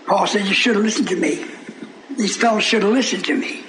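A man's voice: high voice, fairly quick, crowd noise. A man preaching a sermon, pressing his listeners with repeated rhetorical questions and laughing often as he goes. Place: church before a congregation. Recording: echoey room with a responding congregation.

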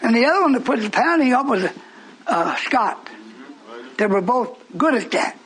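A man preaching a fiery sermon, scolding and shouting, answering a congregation in call-and-response. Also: extremely high pitch, animated, normal speed, poor audio.

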